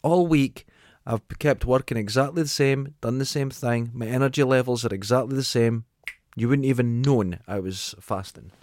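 A man's voice: mid-range voice, normal speed, a little mellow, dry recording. A Scottish man of about fifty, co-hosting a casual podcast chat, easygoing and laughing often. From Scotland. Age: 40s. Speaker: podcast co-host.

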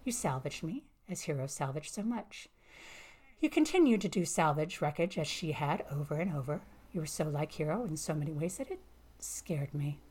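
A woman narrating a first-person science fiction story in a calm, measured way. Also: deep voice, slightly rough.

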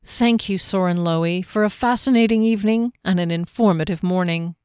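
A woman voicing a bold, impulsive young female sword fighter who speaks directly and warmly. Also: on the low side, a little fast, clean tone, no room sound, studio quality, close to an everyday voice.

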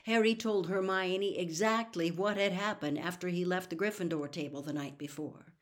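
A woman narrating a story aloud in an expressive, animated reading style. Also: fairly low pitch, moderate pace. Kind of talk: audiobook reading.

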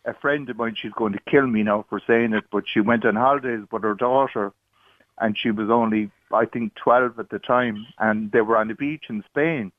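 A man's voice: on the low side, steady tone, normal speed, no echo. Cheeky man calling in on a muffled line. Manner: cheeky, joking. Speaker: caller. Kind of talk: casual phone-in chat.

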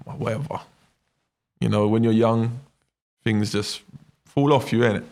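A man, a footballer telling stories in a casual interview, animated and full of tag questions. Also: medium pitch, measured pace. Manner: animated storyteller, many fillers and tag questions. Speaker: footballer guest.

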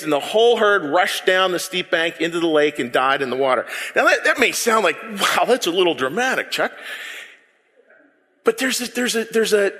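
A man preaching a sermon, animated and repeating words as he builds his point. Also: high-pitched, big-room sound. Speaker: pastor.

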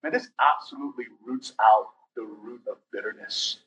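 A young man preaching a sermon in a lively, conversational way, slipping in slang and acted asides. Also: mid-range voice, moderate pace, distant mic, rough recording. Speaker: pastor.

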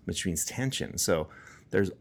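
A man with a very low voice hosts a relaxed conversation. He unpacks an idea slowly and reflectively, circling back and restarting as he searches for the words. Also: gravelly. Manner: reflective, explains ideas with restarts and fillers. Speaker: podcast host. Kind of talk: casual conversational interview.

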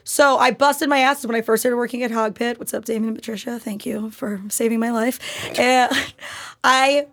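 A young woman with a somewhat high voice chats casually as a podcast guest. She tells her stories bluntly and swears freely. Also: fairly even intonation, moderate pace, a bit bright. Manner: unfiltered, swearing, storytelling.

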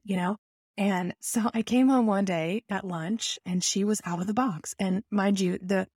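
A woman telling a personal story in an animated, self-mocking way, full of rambling asides. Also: medium pitch, no echo, clean studio sound.

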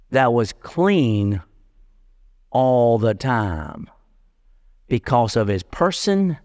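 A man preaching a sermon as pastor, lively and casual, mixing slang and jokes into his teaching. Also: medium pitch, in a large hall.

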